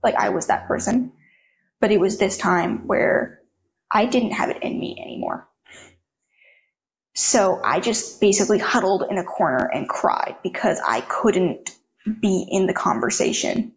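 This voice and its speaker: Young woman, 18, interview guest. Mid-pitched and creaky, candid and chatty with plenty of "likes.". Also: animated, unhurried. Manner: frank, conversational, heavy use of "like". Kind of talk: candid personal storytelling.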